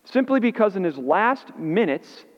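A man preaching a sermon as pastor, animated and acting out the voices he quotes. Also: unhurried. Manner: animated, acts out quoted voices with rising pitch. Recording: muffled audio in a reverberant hall.

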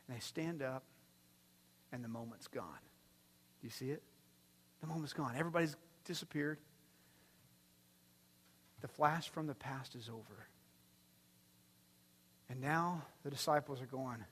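A man preaching a sermon as pastor, animated and swinging from hushed to loud. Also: medium pitch, moderate pace, pauses often, husky. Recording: long reverb from a large hall.

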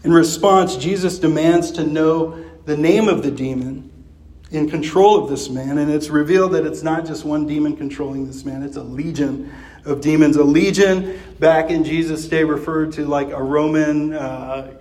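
Preacher, male, casual sermon delivery, slightly high-pitched, chuckles often. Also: darkish tone. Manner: conversational, with chuckles and fillers; acts out quoted voices with pitch jumps. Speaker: pastor.

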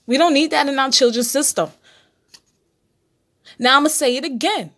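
A woman's voice: high-pitched, normal speed, pauses often, fairly bright tone. A woman hosting her own casual podcast, talking straight to her listeners in a blunt, preachy, profane manner. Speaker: podcast host. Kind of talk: casual solo podcast monologue.

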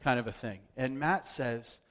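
A man's voice: medium pitch, moderate pace, fairly bright tone. Man preaching in a reverberant hall. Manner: conversational, loose with fillers and restarts. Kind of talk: storytelling sermon.

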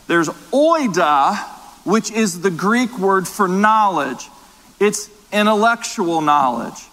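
A man's voice: high-pitched, expressive, slow, fairly bright tone, in a large hall. A man preaching a sermon as pastor, emphatic and repetitive, in a large church.

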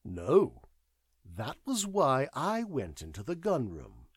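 A man voicing a detached, knowing man who speaks in a measured, wry way. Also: medium pitch, wildly swooping pitch, breathy edge, dry recording, studio quality, full character voice. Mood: calm. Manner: measured, wry, world-weary.

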